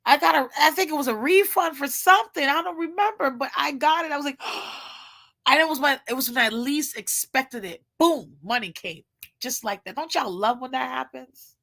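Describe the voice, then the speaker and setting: A woman in casual chat, animated and gushing, with informal slangy speech and lots of exclamations. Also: sits high, brisk, vocal fry.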